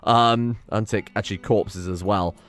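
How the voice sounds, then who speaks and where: A man's voice: lowish voice, steady tone, unhurried, a bit bright, clear, resonant tone. A man giving casual gameplay commentary as host, reacting aloud and swearing often as things go wrong. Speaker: let's play host.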